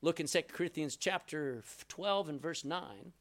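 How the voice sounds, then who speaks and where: Preaching a sermon, this middle-aged pastor weaves in stories and performs quotes by changing his voice. His pitch sits fairly high and his pace stays moderate.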